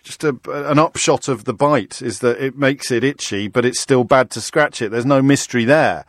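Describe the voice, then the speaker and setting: A British man hosting a radio phone-in, quick and wry, teasing his callers while restarting his sentences. His voice sits mid-range and sounds close and dry on a studio mic. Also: mid-range voice, dry recording. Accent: British English. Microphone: studio microphone.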